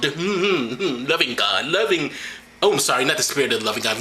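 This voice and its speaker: Sarcastic man with a very bright voice. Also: medium pitch, sing-song, brisk, slight background noise. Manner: mocking, rambling, sarcastic. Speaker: vlog host. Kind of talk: sarcastic comedic Bible reading. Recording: roomy echo.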